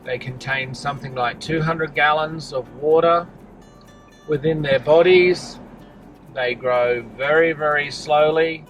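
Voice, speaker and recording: A man's voice: a little high, steady tone, unhurried, a bit bright, far from the mic, faint music behind, poor audio. A man casually commenting on a park as he drives through it, easygoing and enthusiastic. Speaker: travel vlogger. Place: car, driving.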